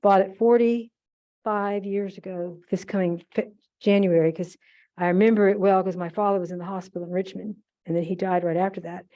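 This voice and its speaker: A woman's voice: medium pitch, fairly even intonation, a little fast, warm tone, lo-fi sound. An older woman telling fond, rambling stories to an audience, full of asides and self-corrections. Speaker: guest speaker at a museum holiday event. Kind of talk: chatty anecdotal talk to an audience.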